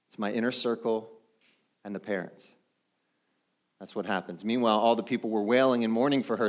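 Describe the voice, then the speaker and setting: A man's voice: fairly low pitch, fairly quick, long pauses. Conversational male pastor preaching. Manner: conversational, asks the congregation questions. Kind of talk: sermon.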